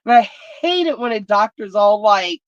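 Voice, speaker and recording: A woman's voice: mid-range voice, expressive, moderate pace, dry recording. A woman telling stories in a blunt, profane casual rant. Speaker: vlog host. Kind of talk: casual ranting chat. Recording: dry, dull lo-fi sound.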